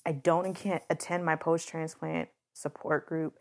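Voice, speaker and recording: A woman's voice: low-pitched, level tone, a little slow. A woman co-hosting a casual podcast chat, talking in an earnest, emotional way that comes close to tears. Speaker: podcast co-host.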